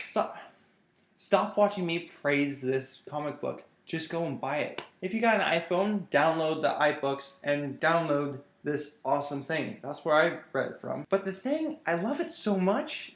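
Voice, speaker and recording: A man gives a casual vlog review, enthusiastic and rambling. His voice sits a bit high for a man. The room around him is roomy and echoey. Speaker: comic book reviewer.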